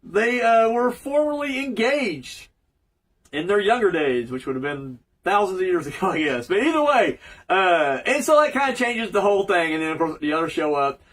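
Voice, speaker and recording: A man's voice: high-pitched, big pitch swings, normal speed, a bit bright, poor audio. A man giving a rambling, profane, joking casual recap of a cartoon episode as a reviewer.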